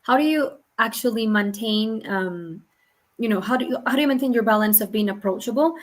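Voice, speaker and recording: A woman hosting an interview, rephrasing her questions in a hesitant, casual way. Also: medium pitch. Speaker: podcast host.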